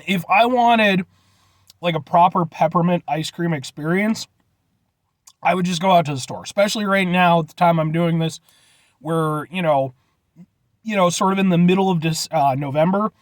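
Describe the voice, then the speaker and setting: A man's voice: high voice, normal speed, no echo. A man giving a rambling, jokey casual vlog review, often addressing viewers as folks. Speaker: food reviewer.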